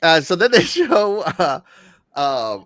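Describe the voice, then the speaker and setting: Man, gaming show host, bright tone, upbeat and jokey, trails off quietly. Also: a little high, sing-song, slow, dry recording, studio quality. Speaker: podcast host. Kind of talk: casual gaming talk show.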